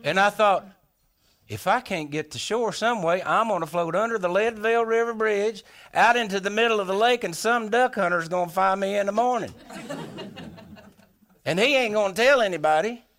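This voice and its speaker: A man telling a humorous tall tale in a folksy, animated way, acting out his own thoughts aloud. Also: sits high, normal speed. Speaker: storyteller.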